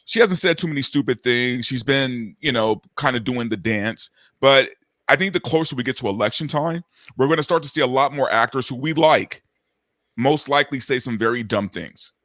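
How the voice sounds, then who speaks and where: A man's voice: medium pitch, normal speed, a bit bright, dry recording, studio quality. A man joining as a guest on a live stream, talking in a casual, laid-back way. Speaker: guest channel host. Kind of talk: casual chat.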